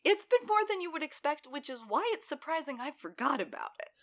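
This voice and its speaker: A woman's voice: high-pitched, big pitch swings, brisk, a bit bright. A woman co-hosting a podcast, adding wry, joking commentary in casual chat. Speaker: podcast co-host.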